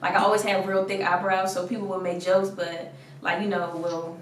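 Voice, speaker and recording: A woman's voice: fairly low pitch, level tone, fairly quick, recorded from a distance. A young woman talks in a casual, blunt way, laughing often and leaning on "like." She sits a bit back from the mic in an echoey room with faint noise behind her. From Washington DC area. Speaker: rapper guest. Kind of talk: casual interview.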